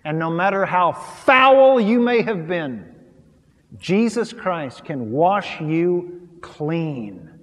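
A man preaching a sermon, moving from quiet, low asides to loud, rising emphasis and acting out little scenes. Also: animated, drawn-out words, long reverb tail.

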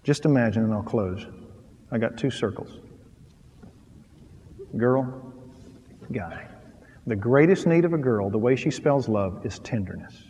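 A man preaching a sermon, moving from quiet, low asides to loud, rising emphasis and acting out little scenes. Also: animated, measured pace, pauses often, big-room sound, slight background noise.

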